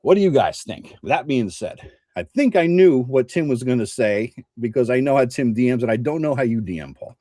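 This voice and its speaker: A middle-aged man, a regular host and game master, telling a story in casual chat, swearing often and switching into animated quoted voices. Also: mid-range voice, brisk, dry recording, studio quality.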